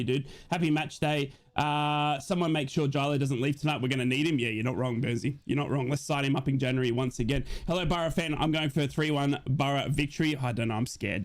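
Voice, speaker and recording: A man hosting a football watch-along stream, casually chatting and reading out viewer messages in a rambling, excitable way. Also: medium pitch.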